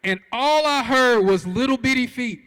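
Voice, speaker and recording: A man's voice: very high voice, moderate pace, clean tone. A man giving a comedic storytelling keynote on an auditorium stage, acting out the voices he quotes. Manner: animated, acts out quoted voices. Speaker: keynote speaker. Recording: long reverb of a big auditorium.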